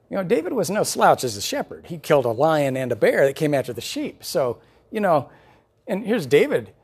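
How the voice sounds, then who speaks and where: A pastor delivers a sermon as lively storytelling, chuckling now and then. His voice sits a little higher than most men's and carries a slightly husky grain. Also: fairly quick.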